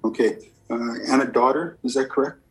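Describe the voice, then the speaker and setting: A man's voice: medium pitch, steady tone, brisk, husky, faint music behind, rough recording. A man working as a medium and giving a spirit reading. He asks a string of short yes-or-no questions and answers each reply with "okay, perfect.".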